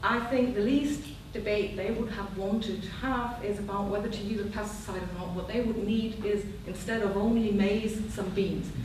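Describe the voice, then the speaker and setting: Woman from audience, earnest, pragmatic, far off in reverberant hall with background noise. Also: medium pitch. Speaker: audience member. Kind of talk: public panel discussion comment. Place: large lecture hall. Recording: echoey hall, distant mic, noise.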